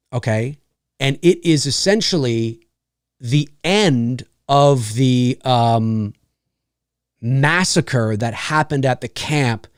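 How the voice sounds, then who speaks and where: A man co-hosting a podcast, talking casually and swearing freely as he pitches a story idea. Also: no room sound, clean studio sound. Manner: profane, animated storytelling with many fillers. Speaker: podcast co-host.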